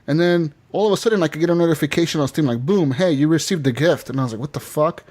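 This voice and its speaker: A podcast host in a studio tells a long, rambling story in casual chat, swearing freely. His voice is fairly high-pitched and darkish in tone, and he talks at a quick pace.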